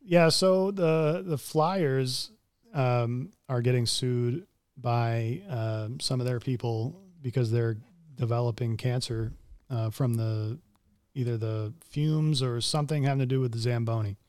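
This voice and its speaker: Male podcast co-host, mid-pitched, dry close sound, jokey ranter. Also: measured pace, smooth, dry recording. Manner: animated, stubborn, joking rants. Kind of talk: casual chat.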